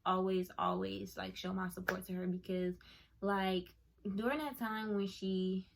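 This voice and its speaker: A woman's voice: medium pitch, a little slow, gravelly, slight background noise. A young woman gushing as she tells a casual story to her viewers, full of "like" and "oh my goodness". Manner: excitable, gushing, lots of fillers like "like" and "oh my goodness". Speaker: YouTuber telling a story. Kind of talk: casual story time to camera.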